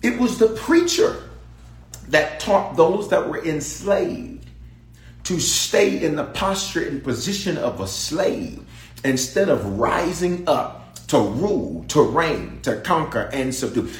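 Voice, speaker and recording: A male bishop preaching a sermon, his voice swooping high and low as he calls out and repeats lines to his congregation. He moves from hushed asides to shouted peaks. The sound carries the echo of a church room. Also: expressive, slow. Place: church sanctuary.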